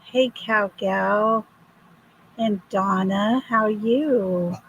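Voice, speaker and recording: An older woman, hoarse from illness, greeting viewers one by one in a slow, casual livestream chat. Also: medium pitch, muffled recording, a little hiss or hum. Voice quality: gravelly, husky. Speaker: livestream host.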